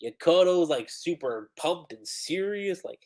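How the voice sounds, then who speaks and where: Animated man with a lively, swooping voice. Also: fairly high pitch, slow pace. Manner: excitable, animated, full of "like" fillers, breaks into laughter. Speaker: manga reviewer on a livestream. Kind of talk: casual livestream commentary.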